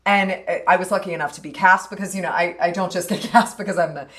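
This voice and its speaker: A woman's voice: on the low side, fairly even intonation, fast. A woman who is a stage actress and theater director, speaking in a casual interview with a thoughtful, hesitant manner and many fillers.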